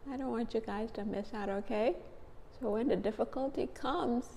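A woman's voice: a little high, moderate pace, creaky, warm tone, in a large hall, a little hiss or hum. A tired, tearful woman speaking to her viewers in a heartfelt testimony, repeating her phrases. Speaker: faith vlogger.

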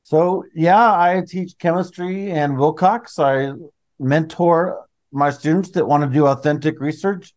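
A man's voice: a little high, measured pace, a little mellow. A man co-hosting a podcast, a chemistry teacher talking in an enthusiastic, chatty way.

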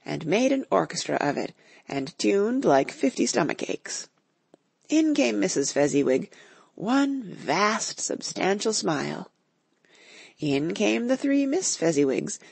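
A woman narrating an audiobook in an expressive storytelling manner. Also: medium pitch, gravelly, breathy edge, no room sound. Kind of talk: scripted narration.

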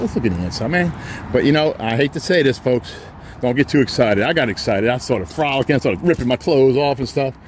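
A man giving a folksy, joking walkaround sales pitch on a used car lot. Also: noisy background. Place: outdoors on a rainy car lot.

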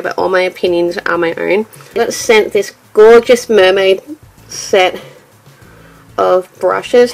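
Chatty nasal young woman vlogger. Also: mid-range voice. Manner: rambling, chatty. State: nasal from bronchitis. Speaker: beauty vlogger. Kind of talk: chatty get-ready-with-me vlog.

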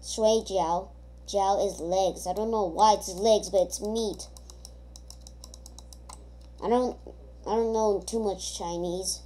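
Woman gamer, mellow tone, casual rambling commentary full of ums and restarts. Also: medium pitch, steady tone, takes it slowly, long pauses. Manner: rambling, thinking aloud with many hesitations.

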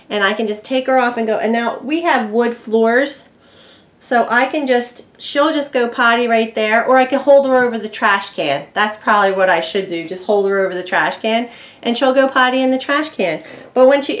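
A woman chatting casually at home about her pet bird, meandering with ums and asides and talking softly to the bird now and then. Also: fairly high pitch. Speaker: bird owner vlogger. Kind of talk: casual explanatory chat.

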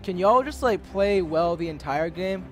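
A high-voiced young man rages through his basketball game, swearing nonstop and yelling at his players. His commentary bursts loud and high over clear game music playing behind him. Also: lively intonation, moderate pace. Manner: swears constantly, yells and curses at the game. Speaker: gaming channel host. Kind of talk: raging live gameplay commentary.

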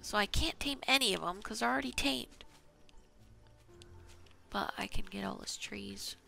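A woman's voice: medium pitch, normal speed, vocal fry, sharp tone, faint music behind. A woman casually talking to herself as she plays a video game, chatty and self-mocking. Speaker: gaming channel host. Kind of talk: casual gameplay commentary.

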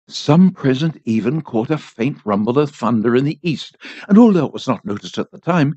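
A man narrates a short story in a measured, expressive reading voice that sits high for a man. He records in a home studio with a dry, close sound. The audio is slightly dull. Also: no echo. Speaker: volunteer reader.

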